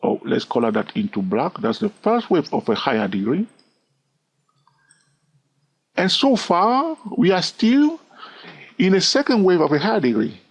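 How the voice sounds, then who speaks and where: A man's voice: sits high, very animated, normal speed, vocal fry, breathy edge. Chatty accented man teaching charts. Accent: non-native English. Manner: chatty, teasing, checks in with "all right?". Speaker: trading educator. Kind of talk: screen-recorded chart lesson. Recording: dull lo-fi sound.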